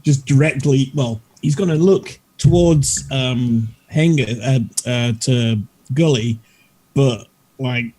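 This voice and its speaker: A man describing his character's actions at a tabletop game, halting and searching for words. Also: mid-range voice, dark tone. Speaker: player. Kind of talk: casual table talk.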